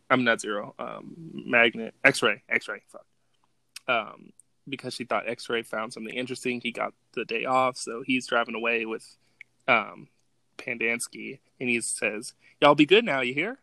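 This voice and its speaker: A man's voice: mid-range voice, gravelly, sharp tone, no echo. A man co-hosting a casual podcast, laid-back, swearing and laughing as he recaps movie scenes. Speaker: podcast co-host. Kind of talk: casual chat.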